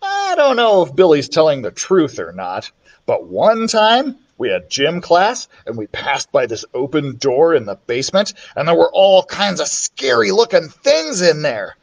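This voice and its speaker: An animated man reads a children's storybook aloud. His voice sits slightly high and leaps around with playful expression as he brings the characters to life. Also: unhurried, gravelly. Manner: expressive, voices the characters with big pitch swings. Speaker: children's librarian reading aloud.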